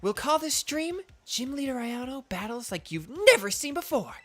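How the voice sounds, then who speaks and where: A woman takes on the role of a bubbly streamer girl and gym leader while playing a game, lifting her voice much higher than usual. She rattles through peppy, flashy greetings with a lively rising-and-falling tune at normal speed, her nose congested and throat dry.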